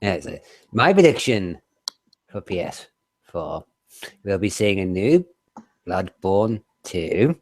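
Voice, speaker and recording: A man on a casual gaming podcast, teasing the others and talking excitedly about games. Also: low voice, takes it slowly, pauses often. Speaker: podcast co-host. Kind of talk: casual group chat.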